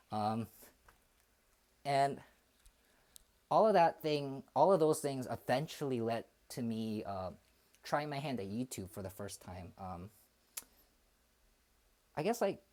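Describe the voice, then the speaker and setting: A man in his twenties with a fairly low, darkish voice chats on a livestream as a streamer. He thinks aloud hesitantly and reflectively, with lots of fillers and restarts.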